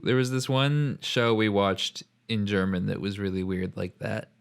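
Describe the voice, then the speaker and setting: Low-voiced young man, rambling chat. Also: fairly even intonation, normal speed, gravelly, clear, resonant tone. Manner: rambling, full of fillers. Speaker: podcast co-host. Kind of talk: casual chat.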